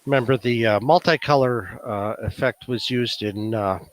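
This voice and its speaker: Chicago man demoing old software at a club meeting, relaxed and halting, mid pitch. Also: no room sound. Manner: musing aloud, many "uh" fillers. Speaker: meeting presenter. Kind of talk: casual demonstration talk.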